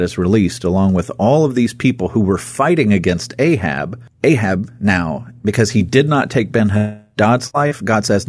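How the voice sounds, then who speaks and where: A man's voice: lowish voice, no echo, clean studio sound. A man co-hosting a casual Bible discussion, talking animatedly and acting out quoted speech.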